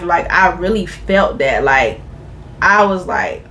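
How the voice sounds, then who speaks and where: A woman's voice: medium pitch, slow pace, fairly bright tone, a little hiss or hum. A woman vlogger telling a personal story to her viewers in a casual, earnest, emphatic way.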